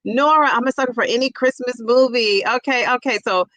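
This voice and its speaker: A woman's voice: on the high side, brisk, no room sound, poor audio. A woman in her fifties from Ohio, hosting a casual livestream and chattily greeting viewers from the chat. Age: 50s. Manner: chatty and effusive, greets viewers with loud bursts. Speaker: livestream host reading chat.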